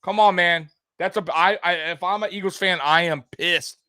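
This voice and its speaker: A young man hosting a live sports stream, talking straight to his viewers in an animated, repetitive way with plenty of swearing. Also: sits high, moderate pace, no room sound. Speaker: sports livestream host. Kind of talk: live postgame commentary to viewers.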